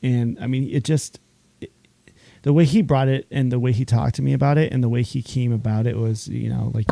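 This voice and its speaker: A man, a chef, chatting as a podcast guest, telling animated stories, acting out quoted dialogue and laughing often. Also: medium pitch, fairly quick, gravelly, no echo. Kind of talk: casual interview chat.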